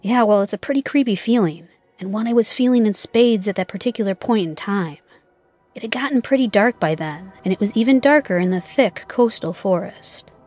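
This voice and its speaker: A woman narrating a first-person scary camping story in a measured storytelling voice. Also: mid-range voice, darkish tone. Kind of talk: scripted narration.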